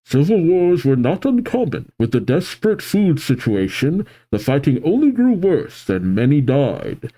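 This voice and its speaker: A man hosting a casual manga reaction video who reads passages aloud and reacts to them. His pitch moves very freely. His tone is dark and mellow. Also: big pitch swings, measured pace, hardly any pauses.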